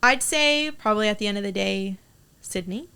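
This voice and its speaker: An American woman chats as a podcast guest, animated and easygoing. Her voice is bright and forward, with a crisp, clean tone. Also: mid-range voice, moderate pace. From United States. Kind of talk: casual chat.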